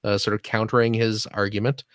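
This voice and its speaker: A man co-hosting a podcast, talking in an earnest, halting way with jokey asides. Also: lowish voice, flat delivery, dry recording, studio quality. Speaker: podcast co-host. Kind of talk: casual podcast chat.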